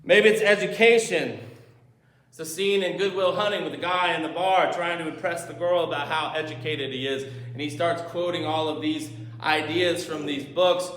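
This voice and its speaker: A man's voice: fairly high pitch, fairly even intonation, normal speed, fairly bright tone. A male pastor preaching a sermon in a church, telling stories and acting out movie scenes as he goes. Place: church sanctuary. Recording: echoey church room.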